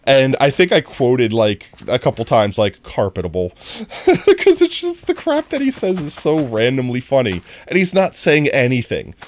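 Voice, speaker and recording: Goofy, lively-pitched streamer chatting to chat. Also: moderate pace, hardly any pauses. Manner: goofy, rambling, often breaking into high laughter; talks directly to chat. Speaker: live streamer. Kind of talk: casual gameplay stream chat.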